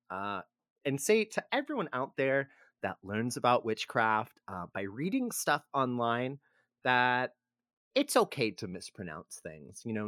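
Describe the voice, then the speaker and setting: A man's voice: mid-range voice, a bit bright, no echo, studio quality. A man co-hosting a casual podcast, rambling and self-deprecating as he explains history. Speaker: podcast co-host.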